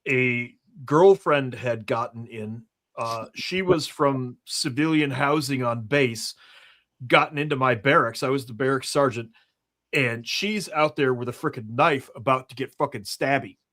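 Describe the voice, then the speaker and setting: Man, blunt storyteller, curses freely, middle pitch. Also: a little slow, fairly bright tone. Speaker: podcast host, army veteran. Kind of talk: casual podcast chat.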